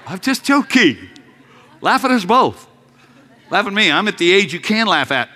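A man preaching an energetic sermon, joking with the congregation and breaking into shouted rallying calls. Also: high-pitched, moderate pace.

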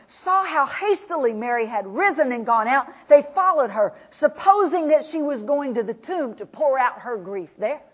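A woman preaching a sermon, retelling scripture dramatically, swinging from loud proclamation to hushed whispers. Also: a little high, husky. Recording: dull lo-fi recording.

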